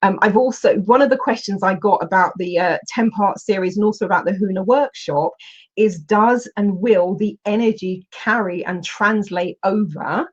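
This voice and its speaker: A woman, a coach telling stories in an animated way, with exclamations and restarts. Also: mid-range voice, moderate pace, husky, muffled recording. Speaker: coach and Huna teacher. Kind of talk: storytelling in a recorded online session.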